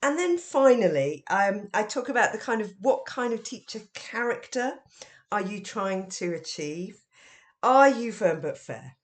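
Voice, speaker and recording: Lively woman explaining classroom management. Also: medium pitch, a little slow. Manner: lively and expressive, with emphatic questions. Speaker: teacher trainer and author. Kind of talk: educational podcast talk.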